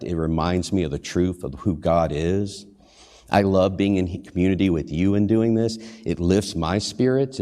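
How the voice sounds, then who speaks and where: A low-voiced man preaches a sermon, speaking earnestly and putting questions to his listeners. He briefly acts out the lines he quotes. His voice carries a long reverb from the church sanctuary. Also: mellow. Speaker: pastor and hospital chaplain.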